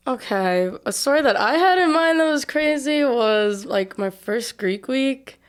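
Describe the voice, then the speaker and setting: A young woman guesting on a podcast, telling a college party story in a relaxed, drawn-out way. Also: high voice, clear, resonant tone. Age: young adult. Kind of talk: casual chat.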